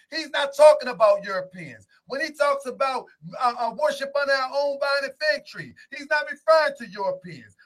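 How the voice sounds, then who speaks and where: Loud high-voiced man arguing. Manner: loud and interrupting, often shouting. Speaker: show host. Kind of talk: heated religious debate.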